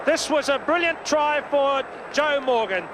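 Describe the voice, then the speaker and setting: A man giving brisk live rugby play-by-play commentary, lifting his voice on big plays, from a worn old videotape broadcast. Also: extremely high pitch, animated. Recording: worn old VHS broadcast with crowd noise.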